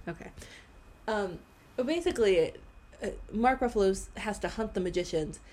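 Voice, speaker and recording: A woman's voice: medium pitch, lively intonation, moderate pace, a little mellow. A woman co-hosting a podcast, chatting casually and laughing often. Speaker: podcast co-host. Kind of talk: casual chat.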